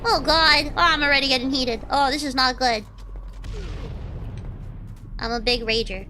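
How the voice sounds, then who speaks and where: A young woman streaming a shooter game, reacting excitably, shrieking and swearing as she plays. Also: sits high, normal speed, a little hiss or hum. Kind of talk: live gameplay commentary. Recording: loud game gunfire under voice. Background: shooter game sounds and gunfire.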